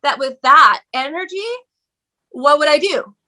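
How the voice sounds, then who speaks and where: Bright, animated woman sharing her story. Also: sits high, measured pace. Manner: animated, swears casually, laughs often. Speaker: podcast guest. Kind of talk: candid conversational storytelling.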